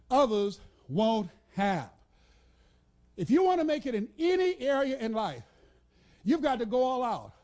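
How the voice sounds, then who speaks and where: A man giving a motivational speech to a live audience, in a preacher-like cadence that builds with repetition and breaks into shouts, telling the crowd to repeat after him. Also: very high voice. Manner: commands the audience to repeat and write things down. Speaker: motivational speaker.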